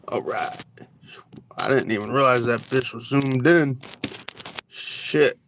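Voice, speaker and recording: Laid-back slow-talking man livestreaming. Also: mid-range voice, expressive, a bit bright, slight background noise. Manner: laid-back, joking, swears freely, talks to chat. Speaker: livestream host. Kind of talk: casual livestream chat with viewers. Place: outdoors at night near a store parking lot. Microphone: phone camera.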